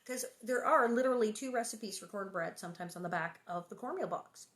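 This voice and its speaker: A woman hosts a book reading stream, working through a children's novel and stopping to joke around and answer viewers' comments. Her mid-range voice is fairly bright and fairly quick.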